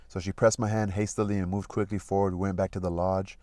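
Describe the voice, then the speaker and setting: Deep-voiced man reading a novel aloud. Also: flat delivery, quick pace, few pauses, warm tone, no echo. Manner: stops to re-read passages and muse aloud. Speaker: reader of a literary audiobook channel.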